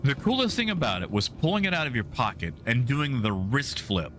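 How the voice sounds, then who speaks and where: A man's voice: medium pitch, wildly swooping pitch, fairly quick, fairly bright tone, slight background noise. A male game streamer chatting casually with his live viewers in a rambling, easygoing way with many fillers.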